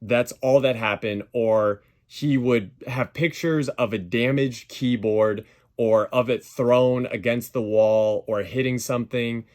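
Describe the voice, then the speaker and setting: A man talking through a dispute as commentary over clips. He sounds defensive and emphatic, pressing each point hard. His pitch sits in a plain middle range. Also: fairly even intonation, slow, a little mellow. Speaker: YouTuber responding to a dispute.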